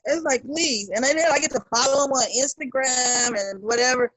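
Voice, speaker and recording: A woman's voice: high-pitched, fairly quick, hardly any pauses, a little hiss or hum. A middle-aged woman from Chicago, a singer chatting as an interview guest and acting out her family's lines with animation. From Chicago, United States. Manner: animated, acts out quoted voices of family. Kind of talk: casual interview chat.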